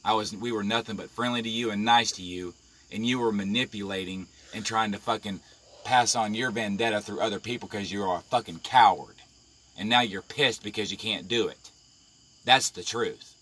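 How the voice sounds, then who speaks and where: A man's voice: lowish voice, normal speed, fairly bright tone. Furious, foul-mouthed man ranting. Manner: profane, confrontational, heated. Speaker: live-stream vlogger. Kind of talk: angry live-video rant.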